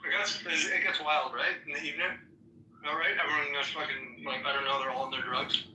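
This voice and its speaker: A man's voice: on the high side, fairly even intonation, a little fast, roomy sound, distant mic, noisy background. A man in casual chat, rambling with lots of fillers and casual swearing.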